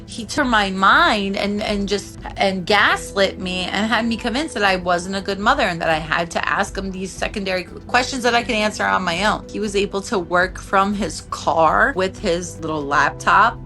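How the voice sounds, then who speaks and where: Woman in her 30s telling her own story, halting, lots of "like", faint music under it. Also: mid-range voice, sharp tone. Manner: halting, many restarts and filler "like". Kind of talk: personal testimony.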